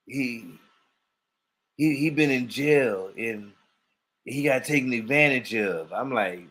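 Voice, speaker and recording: AAVE-male co-host, slow animated storyteller with a middle-range voice. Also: medium pitch. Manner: animated storyteller, acts out quoted dialogue, laughs often. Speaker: podcast co-host. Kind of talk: casual storytelling chat.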